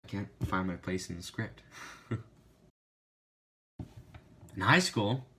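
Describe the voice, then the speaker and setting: A man's voice: low-pitched, slow pace, pushed and bright, slight background noise. A young man recording an advice video, stumbling over his script and mocking his own mistakes. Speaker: vlogger filming outtakes.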